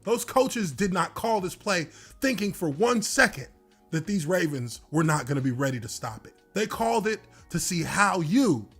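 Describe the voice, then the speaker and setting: A man's voice: sits high, moderate pace, slightly rough. A former pro football lineman telling a dramatic game story in a casual way, with a bit of swearing. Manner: animated, dramatic retelling with casual profanity. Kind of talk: storytelling anecdote. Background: faint music.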